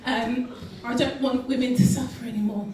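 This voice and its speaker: A woman's voice: on the high side, steady tone, normal speed, crowd noise. Earnest woman in an echoey hall. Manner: earnest, with frequent ums and restarts. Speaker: guest speaker. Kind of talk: casual health talk to an audience. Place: event hall. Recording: echoey hall recorded from far off.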